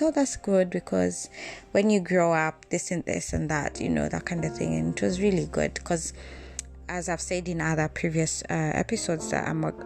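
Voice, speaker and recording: Woman from kenya hosting a podcast, deep-ish gravelly voice, candid storytelling with restarts. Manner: candid, reflective, with frequent restarts. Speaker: podcast host. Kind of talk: personal storytelling.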